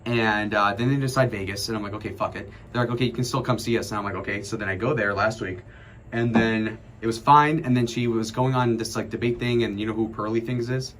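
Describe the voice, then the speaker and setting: A man's voice: lowish voice, fast talker, a little hiss or hum. A man in his twenties on a casual livestream, telling a long story in a rambling, profane way. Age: 20s. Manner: rambling, profane, animated retelling. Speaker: streamer.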